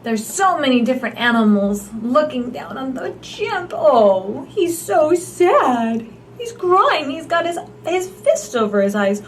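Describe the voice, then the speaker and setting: A woman reads a picture book aloud for babies in a high voice that swoops up and down. She takes her time, with drawn-out phrasing, gasps of surprise and coaxing questions to the little listener. A faint hiss sits under her voice. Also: big pitch swings. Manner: gasping, exaggerated, coaxing questions to a child. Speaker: storyteller for babies and toddlers.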